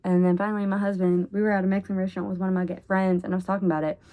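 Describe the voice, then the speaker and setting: A woman rambling in a casual vlog monologue at home, oversharing and jumping between topics with sudden loud bursts. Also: mid-range voice, little pitch movement, rapid-fire. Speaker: vlogger.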